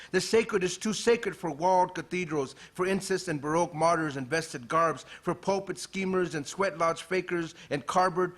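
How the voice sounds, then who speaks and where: Man reading his poetry aloud. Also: on the high side. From Los Angeles, USA. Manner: relaxed and conversational when talking, measured and declamatory when reading verse. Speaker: poet. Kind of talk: poetry reading with spoken introduction. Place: university lecture hall.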